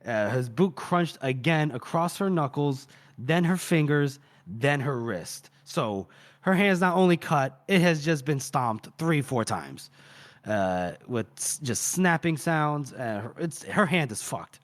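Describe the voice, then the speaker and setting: Dude on a book podcast retelling a scene, fairly high voice, rambles and swears a lot. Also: male voice, unhurried. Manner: rambling, animated, profane, with many fillers. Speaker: podcast co-host. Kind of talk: casual chat, retelling a book chapter.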